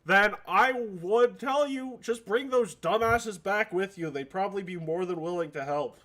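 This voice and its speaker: A man's voice: high voice, measured pace, a bit bright. A man putting on a sassy, short-tempered male nature god. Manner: snappy, irritable, crude.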